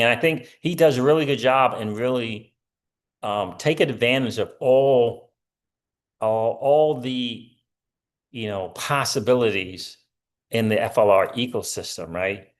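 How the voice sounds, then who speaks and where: A man's voice: medium pitch, measured pace, long pauses. A middle-aged man hosting a casual crypto livestream, rambling with lots of fillers and answering viewer comments.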